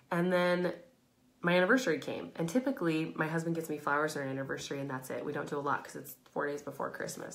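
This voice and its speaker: A woman hosting a live stream, giving a casual motivational talk to her audience in an emphatic, candid way, swearing freely and laughing between phrases, swinging between loud, pushed lines and soft, low asides.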